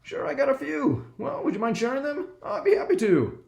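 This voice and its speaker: A man voicing a masked boy superhero in armor, listing tips in a steady, matter-of-fact way. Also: extremely high pitch, a little fast, gravelly, voice pushed up, exaggerated voice. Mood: helpful. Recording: echoey room.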